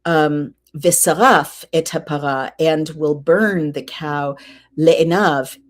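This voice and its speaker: A low-pitched woman hosts a podcast and reads scripture slowly, one phrase at a time. She translates each line as she goes and adds casual asides between verses. It sounds recorded on a computer mic while she shares her screen. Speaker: podcast host. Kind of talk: casual Bible reading and commentary. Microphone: computer mic while screen sharing.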